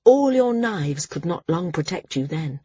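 A woman voicing a young woman flyer who speaks firmly and carefully while facing a threat, in a breathy voice. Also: fairly low pitch, expressive, dark tone, dry recording, highs cut off, full character voice. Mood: defiant. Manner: firm, measured, careful.

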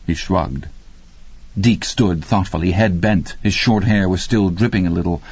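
A man narrating a horror audiobook in a steady, measured way. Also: deep voice, breathy edge, no echo. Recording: dull lo-fi dry recording.

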